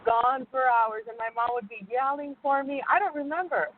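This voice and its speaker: A woman's voice: high-pitched, fairly even intonation, normal speed. A woman telling her story as a guest in a casual, rambling way, laughing often. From United States. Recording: muffled phone line with faint noise.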